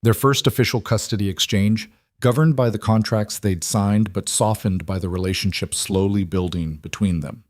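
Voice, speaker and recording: A man narrating a romance story in a measured, even storytelling manner. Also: lowish voice, no room sound.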